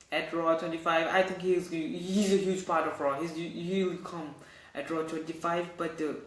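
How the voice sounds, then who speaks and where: A man's voice: fairly high pitch, reverberant, poor audio. A man hosting a casual wrestling news show, rambling and correcting himself as he talks. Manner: rambling, self-correcting, animated. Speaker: host.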